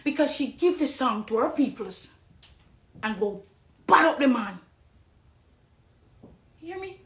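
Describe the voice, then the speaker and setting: A middle-aged Jamaican woman giving an impassioned personal testimony on a live stream, preachy, swinging between hushed confiding and loud accusing. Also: high voice, very animated, slow pace, echoey room. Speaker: dancehall artist on a live stream.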